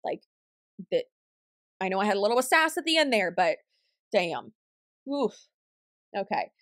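A woman's voice: medium pitch, sing-song, a little slow, fairly bright tone, no echo, studio quality. A woman hosting a reaction commentary vlog, blunt and sassy as she talks back at what she is reading. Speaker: commentary channel host.

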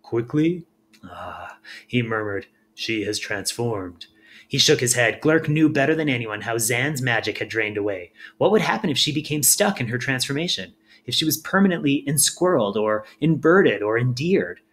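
A man reads a storybook aloud at a calm, steady pace. His delivery is measured and even. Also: medium pitch. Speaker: audiobook reader. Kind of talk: storybook narration.

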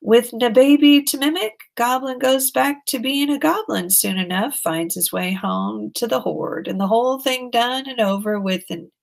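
A woman's voice: on the high side, moderate pace, vocal fry, few pauses, pitched above the performer's own voice. A woman reading an audiobook, voicing a sulky, stubborn male goblin who grumbles and protests in a folksy way. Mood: protesting.

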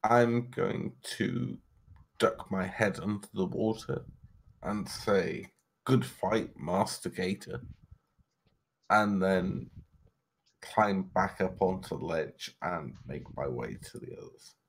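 A man playing a tabletop game, describing his character's actions in an unhurried way. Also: sits low, gravelly, breathy edge. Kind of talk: casual game chat.

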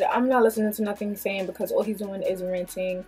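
Type: husky, blunt woman vlogger. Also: medium pitch, moderate pace, faint music behind. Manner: animated, blunt, profane storytelling. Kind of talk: storytime vlog.

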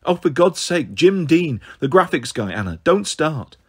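A man's voice: fairly high pitch, big pitch swings, a little slow, a bit bright, husky, no room sound, clean studio sound, exaggerated voice. A man reading the part of a brusque, mocking father in a storybook. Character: brusque, dismissive adult father.

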